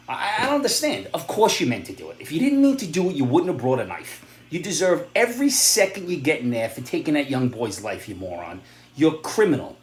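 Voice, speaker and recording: A man's voice: fairly high pitch, wildly swooping pitch, moderate pace, roomy sound. Blunt, sarcastic middle-aged man ranting. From New York area. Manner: blunt, sarcastic, rising to loud outbursts. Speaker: vlogger giving opinions and advice. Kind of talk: ranting opinion monologue.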